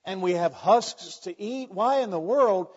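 A man speaking as a little pig who loves the mud, in a plain, folksy, slightly quieter voice. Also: sits high, expressive, unhurried, breathy edge, heavily acted. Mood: puzzled. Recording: dull, echoey hall recording.

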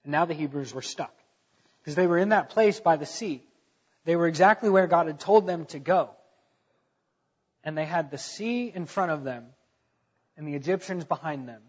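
A man's voice: a little high, moderate pace, pauses often, slightly rough, in a large hall, muffled recording. A man preaching a conversational sermon, telling the story in casual talk with fillers and stressing key points.

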